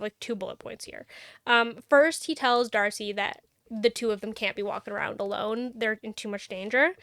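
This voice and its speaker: A woman's voice: a little high, fairly bright tone, clear, resonant tone, no echo, studio quality. A young adult woman co-hosting a podcast, recapping a book in a rambling, sarcastic, casual way. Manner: rambling, sarcastic, filler-heavy. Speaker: podcast co-host.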